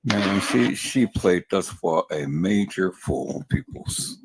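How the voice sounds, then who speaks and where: Livestream host, male, very low and husky, venting fury at his audience, dry close mic. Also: lively intonation, slow pace, dry recording. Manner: furious, repeats himself, addresses viewers as peoples. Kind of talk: angry livestream commentary.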